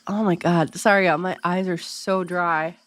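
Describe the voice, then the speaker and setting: A woman's voice: lowish voice, fairly even intonation, moderate pace. A young woman streaming a game, chatting casually, laughing constantly and swearing freely. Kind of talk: casual live-stream chat while gaming.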